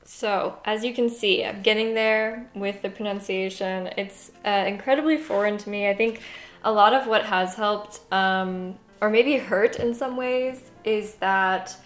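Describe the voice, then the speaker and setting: American woman vlogging, laughs a lot, mid-pitch voice, echoey room. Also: steady tone. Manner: chatty, laughs often, reads French aloud slowly. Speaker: podcast host. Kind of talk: casual language-learning vlog.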